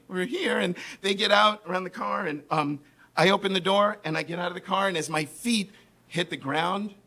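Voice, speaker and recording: A man from New York with a New York accent, telling a comedic personal story on stage, animated, keeps asking the audience "right?" and throws lively voices into the people he quotes. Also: sits high, slight background noise.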